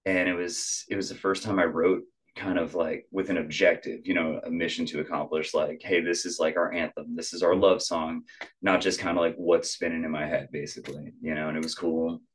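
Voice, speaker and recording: A man's voice: low voice, fairly quick. A young adult man, a musician guest on a podcast, telling a story in casual chat, acting out quotes with lots of "like" fillers. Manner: animated, acts out quotes, many "like" fillers.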